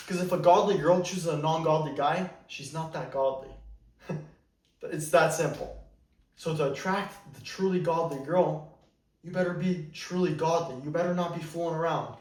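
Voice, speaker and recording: A man giving dating advice as a coach in a blunt, emphatic monologue. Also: a little high. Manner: blunt, emphatic, repeats "you better". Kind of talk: direct-to-camera advice monologue. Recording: roomy echo, mic at a distance.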